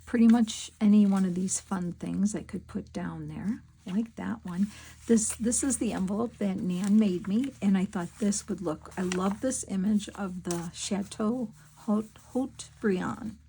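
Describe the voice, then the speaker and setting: A middle-aged woman chatting casually to her viewers while she works on a craft project, talking to herself in soft asides. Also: medium pitch, normal speed, a little hiss or hum, low-quality recording. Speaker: crafting vlogger.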